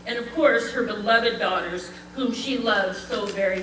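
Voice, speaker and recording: An older woman reading a prepared eulogy at a memorial gathering, heartfelt and measured, with light laughter. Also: medium pitch, recorded from a distance, noisy background. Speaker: eulogy speaker. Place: memorial gathering in a community hall. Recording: echoey hall, voice from afar.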